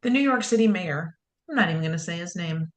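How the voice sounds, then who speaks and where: A woman co-hosting a casual opinion chat, measured and careful, reading out news items. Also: lowish voice, animated. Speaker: podcast co-host.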